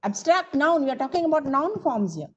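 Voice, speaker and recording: A woman's voice: high voice, very animated, a little fast, dull audio. A woman teaching grammar in an online coaching class, coaxing students for answers and calling on them by name. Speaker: English teacher.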